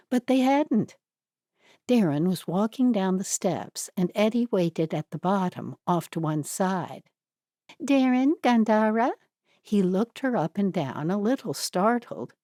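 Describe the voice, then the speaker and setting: A woman's voice: on the low side, warm tone, dry recording, clean studio sound. A woman narrating a mystery audiobook in a scripted storytelling style.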